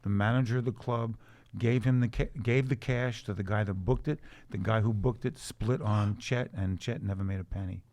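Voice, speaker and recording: An older man, a guest comedian, telling rambling anecdotes in casual podcast chat, with restarts and quick laughs. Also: fairly low pitch, steady tone, darkish tone, no room sound. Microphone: studio podcast mic.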